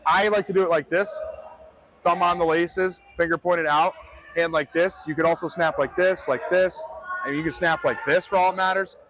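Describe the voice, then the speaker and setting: A man's voice: a little high, fairly even intonation, normal speed, a bit bright, a little hiss or hum, rough recording. A man demonstrating how to snap a football on an outdoor field, explaining in a laid-back, slangy way. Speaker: offensive lineman demonstrating. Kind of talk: casual instruction.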